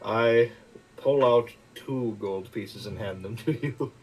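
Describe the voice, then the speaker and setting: A man's voice: medium pitch, slow pace, a little hiss or hum, low-quality recording. A man playing a tabletop game in casual chat, stammering and laughing often. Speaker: player.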